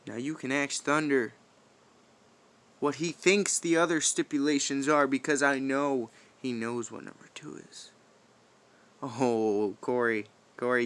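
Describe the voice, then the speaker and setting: In a high, sharp, tense voice, a man delivers a menacing in-character wrestling promo full of profane trash talk. He stretches his words out slowly as he taunts and curses, his intonation lively, lurching between loud outbursts and hushed, threatening whispers.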